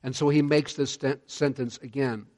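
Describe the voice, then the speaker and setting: A man preaching a sermon, earnest and measured, slowing down to stress key words. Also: medium pitch, fairly even intonation, darkish tone. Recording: long hall reverb.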